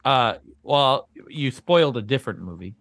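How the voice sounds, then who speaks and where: A man's voice: medium pitch, expressive, normal speed, a bit bright, no echo. A man co-hosting a comedy podcast, teasing and exasperated with his co-host, often laughing as he talks. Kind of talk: casual comedic chat.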